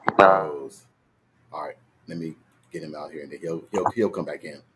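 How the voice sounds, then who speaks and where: A man's voice: very deep voice, steady tone, normal speed, background noise. A man hosting a casual online football panel, loosely calling on each guest in turn and joking along. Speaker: show host.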